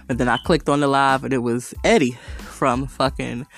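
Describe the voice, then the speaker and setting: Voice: mid-range voice, steady tone, normal speed, creaky. Profane, laughing podcast host. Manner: profane, rambling storytelling; laughs often while telling stories. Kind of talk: casual monologue.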